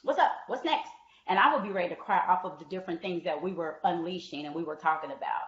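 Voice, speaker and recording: A woman's voice: on the low side, quick pace, echoey room, dull audio. A woman sharing her story openly in a live stream talk, as a co-author on a panel. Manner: open, talks freely about her own life. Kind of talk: candid conversational storytelling.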